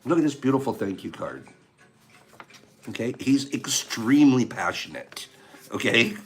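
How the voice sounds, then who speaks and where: An older man hosting a casual live stream, opening gifts and telling stories in an animated, warm way, laughing now and then. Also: mid-range voice, measured pace. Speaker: host of a live tea-time stream. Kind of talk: casual chat, opening gifts and reading cards.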